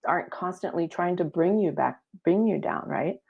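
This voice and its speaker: Low, gravelly-voiced earnest woman. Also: expressive, normal speed. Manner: earnest, reflective, laughs lightly. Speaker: guest. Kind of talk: casual spiritual talk-show chat. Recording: dull lo-fi audio.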